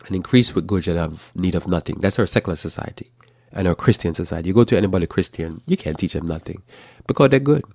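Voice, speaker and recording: A man with a deep, gravelly voice hosts a casual religious current-events show. He rambles and restarts his sentences, delivering it all in a flat, matter-of-fact tone. The sound is close and dry. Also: fast, dry recording. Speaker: host.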